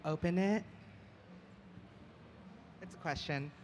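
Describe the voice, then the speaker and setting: A woman's voice: fairly low pitch, slow pace, a little mellow, a little hiss or hum. A woman hosting an on-stage interview at a convention, moving things along with short prompts and questions. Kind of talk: casual chat on stage. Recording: roomy hall with faint ambience.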